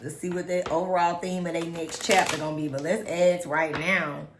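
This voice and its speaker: Chatty tarot reader, echoey room. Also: female voice, on the low side, fairly even intonation, moderate pace, noisy background. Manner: chatty, dramatic, talks to spirit and viewers. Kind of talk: casual tarot reading.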